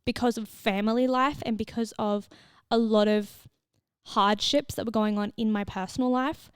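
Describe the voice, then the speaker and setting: A young woman hosts a solo podcast with a somewhat high voice, chatting candidly and swearing freely. She is recorded close on a mic in a dry, dead room with no echo. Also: fairly even intonation, normal speed, smooth. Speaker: podcast host and fitness coach. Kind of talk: casual solo podcast chat.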